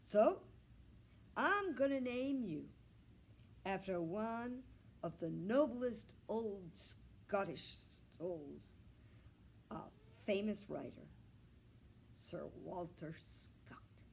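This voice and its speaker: Lady doing a sweet old grandpa talking to his pets, slow and bouncy. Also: mid-range voice, sing-song, vocal fry, a little hiss or hum, full character voice. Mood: tender.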